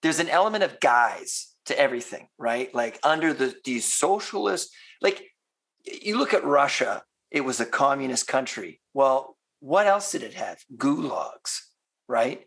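Male host, casual and halting, with a gravelly, raspy voice. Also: mid-range voice, very animated, fairly bright tone. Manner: halting, repeats words while thinking. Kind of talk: casual conversation.

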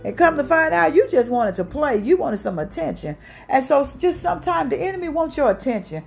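Animated woman giving a motivational talk. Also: high voice, a little fast, gravelly, faint music behind. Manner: animated, preachy, laughs often. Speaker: motivational speaker.

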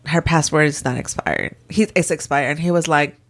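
A woman in casual chat, telling a story in an animated way and acting out the people she quotes. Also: low-pitched, normal speed.

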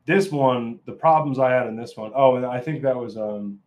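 A man's voice: medium pitch, steady tone, normal speed, lo-fi sound. A man giving a casual, opinionated film review, rambling and often restarting his sentences.

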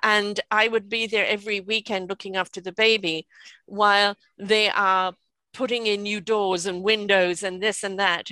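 An older woman and grandmother talking casually on a video call, animated and acting out the tones she uses with children. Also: mid-range voice, no echo. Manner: animated, acts out scolding tones. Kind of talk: casual chat.

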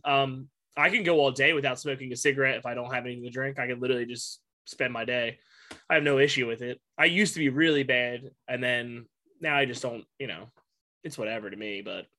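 A man's voice: medium pitch, brisk, bright, forceful tone. A young man rambling through casual chat, swearing freely and laughing often. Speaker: guest.

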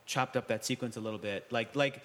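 A man's voice: medium pitch, brisk, fairly bright tone, big-room sound. A man co-hosting a casual film discussion, chatty, with many fillers. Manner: chatty, many fillers, quotes scenes in character voices. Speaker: podcast co-host.

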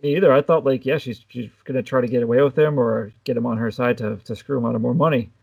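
A man co-hosts a casual film podcast in a gravelly, husky voice. His pitch sits in the middle range. He talks in a relaxed way and drops wry asides about the scenes. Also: fast talker, highs cut off. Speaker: podcast co-host.

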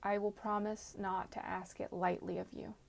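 A woman reading as a gentle, careful young prince. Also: mid-range voice, little pitch movement, creaky, natural voice. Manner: measured, placating. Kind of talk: audiobook character reading.

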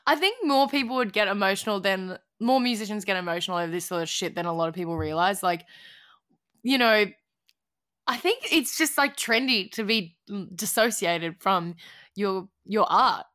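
A woman's voice: mid-range voice, expressive, moderate pace, fairly bright tone. A young Australian woman musician chatting on a podcast, gushing and emotional, swearing freely and laughing often. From Gold Coast, Australia. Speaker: musician guest. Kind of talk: casual podcast chat.

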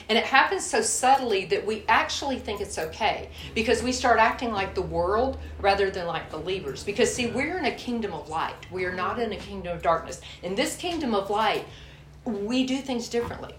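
A woman giving a sermon and telling personal stories in a lively way, acting out her own anger. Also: medium pitch, fairly quick, a little hiss or hum. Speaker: guest speaker. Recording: echoey room.

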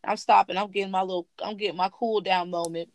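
A young woman co-hosting a casual podcast chat, telling a story in an animated way, acting out what people said, laughing often. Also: mid-range voice, fast, no echo. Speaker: podcast co-host.

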